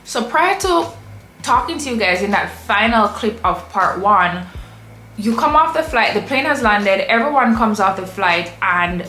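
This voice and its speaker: An animated woman telling a travel story to camera, lively and expressive. Her voice sits in a middle range and rings a little in a roomy space. Faint music is heard under her. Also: medium pitch, a little slow. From Jamaica. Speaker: vlogger.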